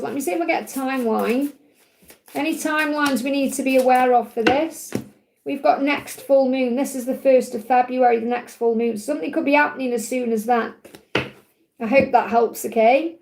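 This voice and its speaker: A woman hosting a live stream, giving reassuring card readings to viewers with a calm, soothing manner and often repeating key phrases. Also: sits high, a little hiss or hum. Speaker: tarot reader hosting a live Q&A.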